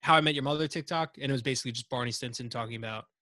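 A man's voice: medium pitch, rapid-fire, sharp tone, dry recording, studio quality. A man hosting a podcast, chatting casually in a joking, rambling way and swearing freely. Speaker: podcast host. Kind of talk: casual chat.

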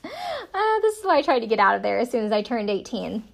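A woman's voice: a little high, very animated, fairly quick, creaky. A woman in her thirties from South Carolina, chatting casually as a podcast host recapping a TV episode, wry and self-deprecating with many "um"s and "like"s. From South Carolina, USA. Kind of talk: casual chat.

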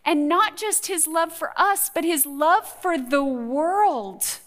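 A woman's voice: very high voice, expressive, slow pace, fairly bright tone. A middle-aged woman giving a conversational, earnest teaching talk at a women's conference, telling stories and asking the audience questions. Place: conference hall before a live audience.

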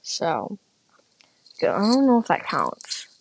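Taking it slowly, a teenage vlogger chats her way through a personal story, rambling, full of "like" and other fillers, and now and then dropping to a whisper. Her mid-range, gravelly voice swoops wildly in pitch, with slight background noise behind it.

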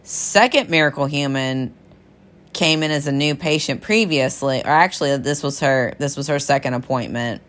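A woman's voice: very deep voice, moderate pace, a bit bright. A woman health practitioner chatting enthusiastically about her patients in a casual storytelling monologue, often calling her listeners y'all.

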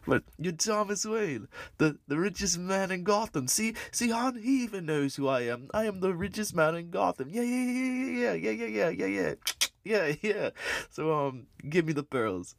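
A man doing a high, jittery New York street robber. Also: normal speed, creaky, no room sound. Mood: excited. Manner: excited, repetitive.

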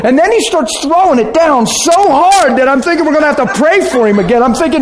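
A man's voice: very high voice, animated, moderate pace, background noise. A man preaching a sermon, telling healing stories and acting out scenes with gasps and laughter. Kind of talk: sermon storytelling.

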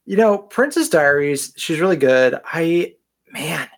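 A man's voice: on the high side, animated, a little slow. A man co-hosting a podcast in casual chat, joking and self-deprecating. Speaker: podcast co-host.

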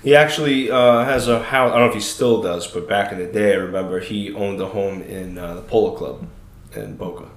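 A man in his thirties co-hosting a podcast, telling stories in a loose, animated way and swearing freely. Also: lowish voice, brisk. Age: 30s. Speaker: podcast co-host. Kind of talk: casual chat, storytelling. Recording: echoey room.

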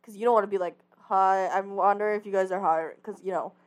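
A woman's voice: medium pitch, fairly even intonation, fast talker, distant mic. A young woman co-hosting a casual podcast chat, blunt and swearing freely. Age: young adult. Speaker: podcast co-host.

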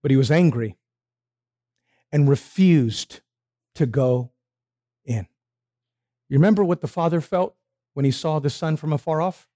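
Unhurried and pausing at length, a man with a voice on the high side preaches animatedly. He puts questions to his listeners, then supplies the answers himself.

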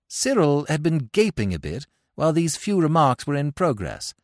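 Lively male storyteller, very animated pitch, dry close studio sound. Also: normal speed, no room sound. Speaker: narrator. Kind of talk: audiobook reading of comic fiction.

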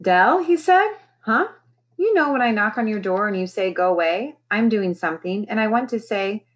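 A woman's voice: medium pitch, animated, moderate pace, husky. A woman, a teacher, reading a children's novel aloud expressively and raising her voice for the characters' lines.

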